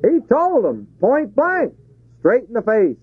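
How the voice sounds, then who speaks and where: A man's voice: very high voice, wildly swooping pitch, takes it slowly, breathy edge. A man preaching a sermon to a congregation, asking rhetorical questions and chuckling between points. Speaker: pastor. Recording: tinny phone-like 1970s tape.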